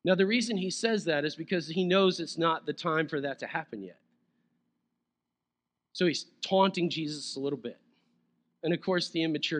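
A man's voice: fairly high pitch, normal speed, long pauses, fairly bright tone. A man preaching a sermon as pastor, conversational and playful, chuckling now and then.

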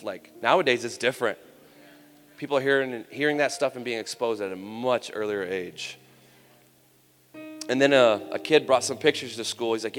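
Male speaker, mid-pitched, conversational testimony sermon with humor, echoing hall. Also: brisk, a bit bright. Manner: candid, conversational storytelling with humor. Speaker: youth camp speaker. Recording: long hall reverb, faint music.

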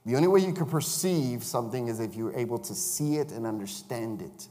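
A man's voice: mid-range voice, expressive, fairly quick, warm tone, in a large hall. A man who is a chaplain, preaching a sermon in a conversational way and often checking in with the congregation. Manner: conversational, asks the congregation questions. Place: church sanctuary.

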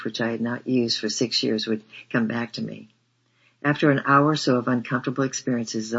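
Guy reading a memoir audiobook, earnest and measured, husky, muffled lo-fi sound. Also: medium pitch. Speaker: audiobook narrator. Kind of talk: first-person memoir reading.

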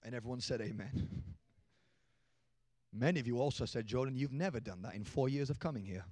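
A young man preaching a sermon to a church congregation. He jokes with the crowd and then builds to shouted emphasis. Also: mid-range voice, normal speed, no room sound. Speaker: pastor.

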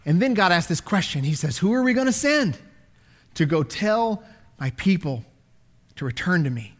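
A man with a high voice preaches a dramatic sermon. He swings from loud, ringing declarations down to near-whispers as he reads and explains scripture. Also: very animated, moderate pace. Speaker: pastor.

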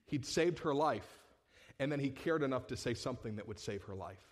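A pastor preaching a sermon, full of rhetorical questions and swinging between loud bursts and hushed tones. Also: male voice, medium pitch, lively intonation, a little fast.

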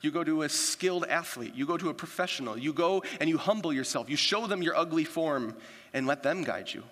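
A man's voice: on the high side, lively intonation, fairly quick, a bit bright. A man preaching a sermon as pastor, in a conversational storytelling way with quoted asides. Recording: long hall reverb.

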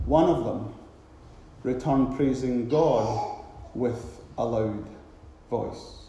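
A man preaching a sermon, retelling a scripture story with animated, repetitive emphasis, recorded in a very echoey hall. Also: medium pitch, slow pace, long pauses.

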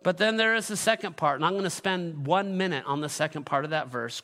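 A middle-aged man preaching a sermon in a church, telling stories animatedly and building to shouted exhortation. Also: on the high side, brisk, hardly any pauses. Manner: animated storytelling with laughter, rising to shouted exhortation. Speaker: pastor. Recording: echoey church hall.

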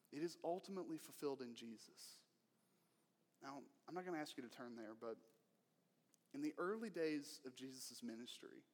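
A male pastor preaching a sermon in an earnest way, moving between emphatic lines and hushed ones. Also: fairly high pitch, big-room sound.

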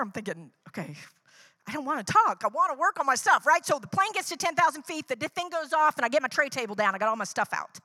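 In a dry recording, a woman with a high, bright, pushed voice delivers a sermon. She draws on her own stories, keeps it conversational, checks in with listeners by adding "right?" and performs the lines she quotes.

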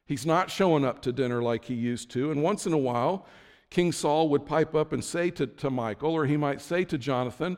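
Chatty preacher in a reverberant hall. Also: male voice, a little high, lively intonation, fairly quick. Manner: conversational, with many restarts and asides. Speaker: pastor. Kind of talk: sermon.

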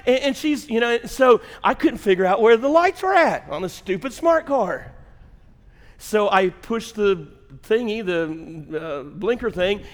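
A high-pitched man delivers a sermon from the pulpit. He works a comic story with lively, acted-out energy before turning to the message. His voice carries a long church-hall reverb. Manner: animated storyteller who acts out his wife's yelling. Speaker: pastor. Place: church sanctuary.

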